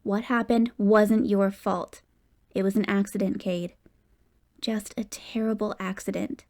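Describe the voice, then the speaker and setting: Audiobook mother, tender and pleading, grieving but loving, read by a woman in a fairly high voice. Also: normal speed, a little mellow, natural voice. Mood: firm.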